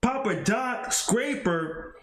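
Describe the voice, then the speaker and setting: A man narrating a tabletop wrestling game play-by-play, excitable and chuckling along. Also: extremely high pitch, slow, echoey room.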